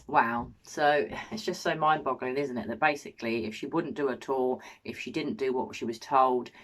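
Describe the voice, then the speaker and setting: A woman's voice: very deep voice, normal speed. A woman hosting a commentary channel, reading a statement aloud and reacting with emotional indignation. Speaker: commentary host.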